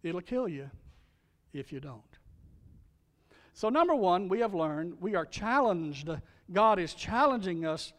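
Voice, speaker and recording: In a large hall with long reverb, a middle-aged pastor and chaplain preaches with great animation in a high-pitched voice. His pace is measured and often broken by pauses, and he questions the congregation emphatically, veering from loud appeals to hushed lines.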